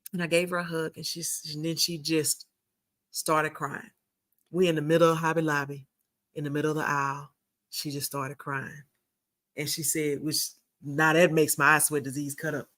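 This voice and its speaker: A community founder hosts a casual live stream, chatting with viewers she calls "y'all" and telling a story. Her voice is deep yet fairly bright, and she often repeats and restarts her phrases.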